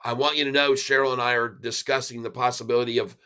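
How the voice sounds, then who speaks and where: A man's voice: medium pitch, little pitch movement, fast talker, sharp tone, clear, resonant tone. A man hosting his own channel, talking to viewers in a folksy, rambling, heartfelt way from his home. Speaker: channel host. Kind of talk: casual chat to viewers. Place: home in Michigan.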